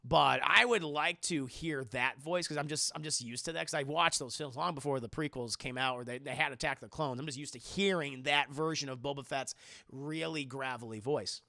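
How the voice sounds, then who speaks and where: A man's voice: medium pitch, brisk, gravelly, sharp tone, no echo, clean studio sound. A man hosting a livestream, answering viewer questions in casual, rambling chat, swearing and laughing often. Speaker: livestream host.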